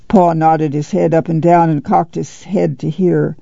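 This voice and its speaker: A man reads a novel aloud for radio at a measured, steady pace. His voice is deeply gravelly and slightly high for a man. The recording is dull and dry. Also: no echo. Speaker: audiobook reader. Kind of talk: literary audiobook narration on radio. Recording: dull dry lo-fi studio read.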